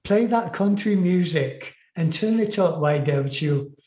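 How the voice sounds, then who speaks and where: A man's voice: high-pitched, expressive, warm tone. A man from England, co-hosting a podcast, rambling enthusiastically through a casual sign-off and stretching out the words he stresses. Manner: rambling, enthusiastic, drawn-out emphasis. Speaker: podcast co-host. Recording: roomy echoey room.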